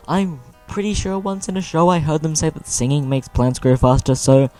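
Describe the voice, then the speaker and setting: A young man giving casual, animated commentary over his own gameplay, joking with exaggerated dismay. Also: mid-range voice. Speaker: gaming video host.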